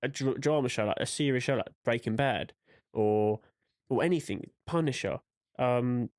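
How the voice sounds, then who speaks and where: A man's voice: medium pitch, moderate pace, a little mellow, dry recording. Man chatting on a dry podcast mic. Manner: rambling, acts out quotes. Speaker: podcast co-host. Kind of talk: casual chat.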